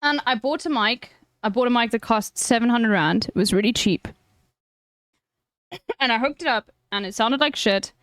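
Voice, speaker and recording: A woman's voice: a little high, moderate pace, pauses often, a bit bright, no room sound, studio quality. A woman streamer chatting frankly with viewers, giving blunt advice and swearing freely. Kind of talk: casual chat with viewers.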